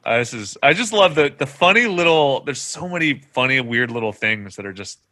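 A man's voice: mid-range voice, lively intonation, a little fast, sharp tone, dry recording. A Scottish man in casual chat, reading funny posts aloud in broad dialect, laughing and swearing a lot. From Scotland.

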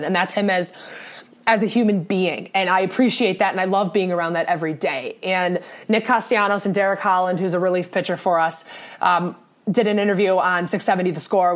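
A woman's voice: on the low side, steady tone, fairly quick. A young woman co-hosting a sports podcast, talking in an earnest, rambling way with many restarts. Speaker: podcast co-host. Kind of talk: casual sports podcast talk.

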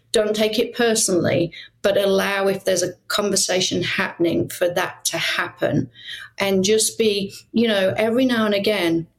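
A middle-aged woman with a British accent speaks as a podcast guest, her voice carrying a gravelly, creaky edge. She talks earnestly and plainly, offering advice in a relaxed conversational way. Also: medium pitch, poor audio. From Britain. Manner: earnest, advising, laughs easily. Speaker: guest, former detective. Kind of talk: casual podcast interview.

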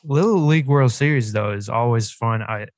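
A young man co-hosting a podcast, talking in a relaxed, easygoing way. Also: medium pitch, moderate pace, no echo, clean studio sound. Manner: relaxed, many fillers and restarts. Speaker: podcast co-host. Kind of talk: casual podcast chat.

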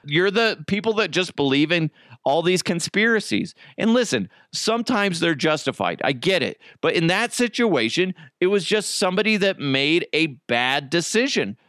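A man's voice: a little high, sing-song, normal speed, fairly bright tone, no room sound, clean studio sound. A man hosting a solo podcast, ranting profanely and mocking his targets. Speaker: podcast host.

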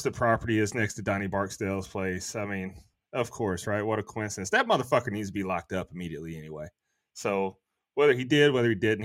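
A man's voice: mid-range voice, fairly bright tone, no echo, studio quality. A man co-hosting a podcast, chatting casually about a film with loose asides and swearing. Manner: casual and profane, with fillers and asides. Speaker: podcast co-host. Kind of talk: casual chat.

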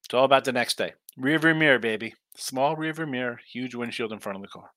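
A man's voice: medium pitch, fast, bright, forceful tone, no echo. A man hosting a casual live stream about sports betting picks. He talks in a loose, rambling way, reads chat aloud, and sounds tired. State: tired, yawning.

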